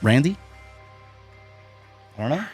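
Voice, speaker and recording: A man's voice: a little high, lively intonation, slow, a little mellow, soft background music. A man co-hosting a casual talk show, reading out viewer messages and jokes in a laid-back way. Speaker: podcast co-host reading super chats. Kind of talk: casual chat.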